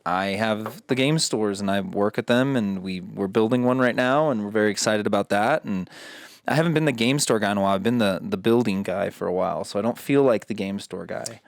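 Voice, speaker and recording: Swearing, animated male podcast host. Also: on the low side, brisk, gravelly, no echo, studio quality. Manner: animated storyteller, swears freely. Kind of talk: casual podcast chat.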